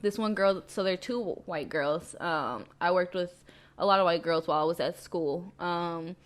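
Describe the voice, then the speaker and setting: A woman's voice: on the low side, moderate pace. A woman co-hosting a podcast, telling stories in a blunt, slangy, profane way. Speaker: podcast co-host. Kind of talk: casual chat.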